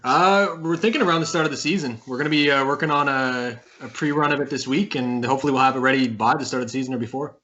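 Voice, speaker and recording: A man speaks in an easygoing way about his podcast plans during a group call. He talks quickly, and his voice comes through dull, lo-fi call audio. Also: mid-range voice, steady tone, pushed and bright. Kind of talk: casual group chat.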